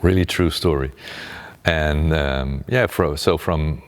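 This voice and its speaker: Very deep, slow, calm middle-aged man. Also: clear, resonant tone, long reverb tail. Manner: calm, unhurried, with frequent restarts. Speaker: meditation teacher and former radio presenter. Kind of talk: reflective personal talk.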